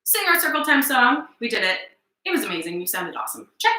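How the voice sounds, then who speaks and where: A young woman leading a circle time lesson for small children, soft and encouraging, with slow spoken affirmations. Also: a little high, very animated, roomy sound, poor audio.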